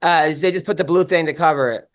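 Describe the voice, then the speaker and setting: A man's voice: a little high, fast talker. A man hosting a podcast, telling stories in casual chat with constant swearing, restarts and rambling. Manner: profane, rambling storytelling with many restarts. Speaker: podcast host.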